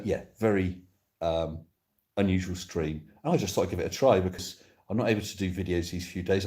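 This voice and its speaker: A man's voice: sits low, a little mellow. Chatty, playful man from Devon. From Devon, England. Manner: chatty and playful, jokey asides to viewers. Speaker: live streamer. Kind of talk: casual live stream chat, reading comments aloud. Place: indoors on a sofa. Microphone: phone.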